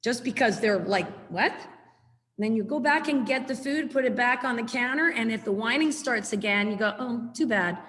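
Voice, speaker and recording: A woman teaches dog training in a chatty, animated webinar talk. Her voice sits fairly high. The video-call sound carries a long, lingering reverb. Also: fairly quick, few pauses. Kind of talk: webinar lecture.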